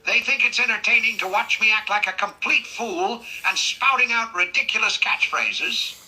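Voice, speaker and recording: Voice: medium pitch, animated, normal speed, bright, forceful tone, low-quality recording. A synthetic voice playing a proud middle-aged male cartoon detective who complains in a huffy, exasperated way. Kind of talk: AI character chat role-play.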